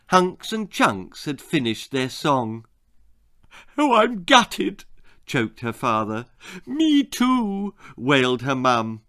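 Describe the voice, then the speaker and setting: Lively, slow storytelling man. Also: on the high side. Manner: expressive, dramatic storytelling. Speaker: author reading his own story. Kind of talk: storybook narration.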